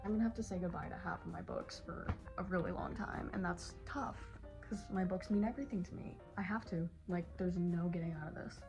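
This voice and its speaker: A woman's voice: fairly low pitch, brisk, hardly any pauses, highs cut off, music in the background. A woman in her late teens talking in a casual, tearful vlog, rambling with lots of "like" fillers. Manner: emotional, rambling, many "like" fillers. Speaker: vlogger. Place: bedroom at home.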